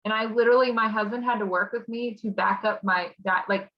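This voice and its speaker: A woman's voice: medium pitch, fairly even intonation, fairly quick, highs cut off. A woman co-hosting a group call, chatting in a bubbly, self-mocking way. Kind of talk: casual chat.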